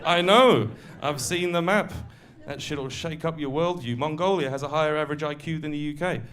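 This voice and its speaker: A man's voice: a little high, brisk. A man doing a stand-up comedy set on a club stage, chatting and working the crowd. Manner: conversational, crowd-work asides.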